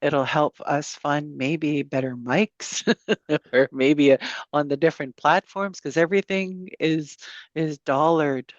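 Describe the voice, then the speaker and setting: A woman guest speaking softly and unhurriedly in a casual conversation, with many pauses. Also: sits low, steady tone, dry recording. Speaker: podcast guest, survivor advocate. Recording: dull, lo-fi, dry sound.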